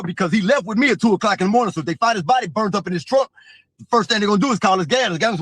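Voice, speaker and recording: A man's voice: sits high, lively intonation, very fast, a bit bright, husky, dry recording. A man telling a profane, vivid story as an interview guest. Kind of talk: casual storytelling.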